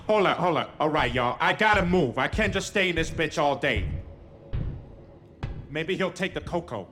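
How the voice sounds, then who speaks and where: Young male streamer, high and lively voice, swearing and panicking through a horror game, faint music underneath. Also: unhurried. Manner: loud, profane, panicky reactions. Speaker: gamer streamer. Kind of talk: live horror game commentary.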